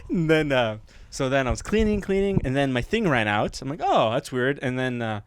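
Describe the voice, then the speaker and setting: A man's voice: mid-range voice, very animated, brisk, slight background noise. A man co-hosting a casual comedy podcast, telling rambling stories with frequent laughter and little acted-out voices. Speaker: podcast co-host.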